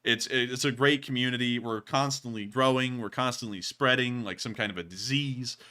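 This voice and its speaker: A man's voice: medium pitch, steady tone, normal speed, sharp tone. A man hosting a casual livestream, answering viewer comments in a rambling way with lots of fillers and chuckles. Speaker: livestream host.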